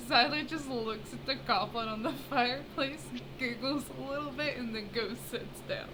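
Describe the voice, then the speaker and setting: A woman's voice: high-pitched, measured pace. A woman playing in a tabletop game, speaking hesitantly with many fillers and giggles. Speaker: player. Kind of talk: casual tabletop play. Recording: noisy background.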